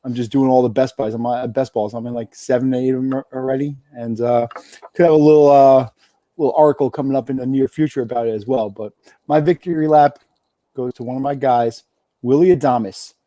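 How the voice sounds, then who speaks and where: A man's voice: mid-range voice, fairly even intonation, brisk, mellow, no echo. A man co-hosting a podcast in casual chat, laid-back and rambling. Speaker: podcast co-host.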